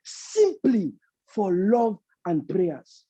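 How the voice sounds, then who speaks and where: A man's voice: high voice, wildly swooping pitch, extremely slow, warm tone, breathy edge, heavily acted. A man with a Sierra Leonean accent voicing a sly, cheerful male hyena trickster in a folk tale, with sing-song "ah ah" calls. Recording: muffled lo-fi call audio.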